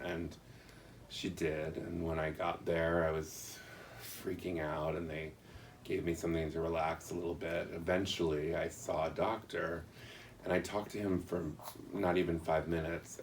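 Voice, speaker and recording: A man in an interview telling a personal story in an earnest, halting, reflective way. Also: low voice, recorded from a distance, slight background noise.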